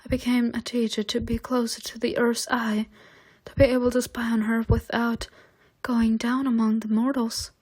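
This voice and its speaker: Brief: woman doing a grieving angel teacher, soft and hushed, lifted pitch, tremble in the voice. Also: flat delivery, moderate pace, breathy edge. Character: grieving gentle female angel teacher, heartbroken sister.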